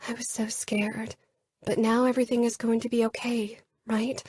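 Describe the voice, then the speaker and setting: Timid younger sister as a woman narrator puts her on, hushed and breathy, slow and soft. Close, dry sound. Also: fairly high pitch, little pitch movement, dry recording, voice pushed up. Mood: scared whisper. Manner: soft, whispering.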